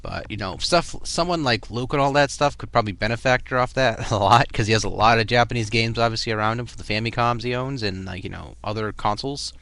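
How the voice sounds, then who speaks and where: A man's voice: medium pitch, fast, hardly any pauses, fairly bright tone. A young man with a Boston accent, chatting casually in a rambling vlog full of fillers and restarts. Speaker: vlogger.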